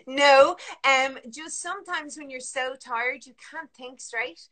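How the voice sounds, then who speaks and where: A woman's voice: high voice, takes it slowly, fairly bright tone. A woman, a sleep consultant chatting casually on a live video call, full of fillers and restarts. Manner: chatty, many restarts and fillers, acts out parents and children.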